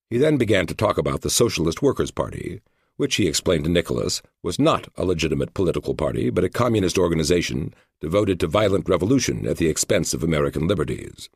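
A man narrating a book in a measured storytelling way. His voice is very low and gravelly with a husky grain, and the recording is dry and close. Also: sing-song, dry recording. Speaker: audiobook narrator. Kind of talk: scripted narration.

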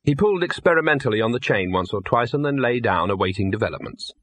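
A man reading a comic novel aloud as audiobook narrator, wry and measured. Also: medium pitch, very animated, fairly bright tone. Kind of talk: scripted narration.

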